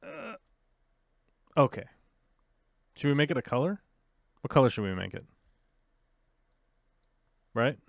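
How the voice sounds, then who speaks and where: A man hosting a casual livestream podcast, muttering and complaining to himself while he struggles with software, talking to his viewers. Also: mid-range voice, sing-song, slow pace, vocal fry, pauses often, dry recording, clean studio sound. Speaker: podcast host.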